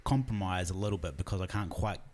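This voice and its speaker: Deep-voiced kiwi bloke, talks quick, rambles and repeats himself. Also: male voice, darkish tone, a little hiss or hum. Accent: New Zealand. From New Zealand. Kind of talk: casual chat.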